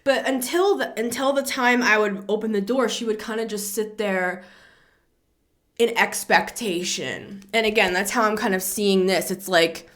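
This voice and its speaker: A woman's voice: mid-range voice, normal speed. Rambling woman giving a tarot reading. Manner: rambling, repeats words, builds to excited emphasis. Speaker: tarot reader. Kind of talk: casual tarot reading talk.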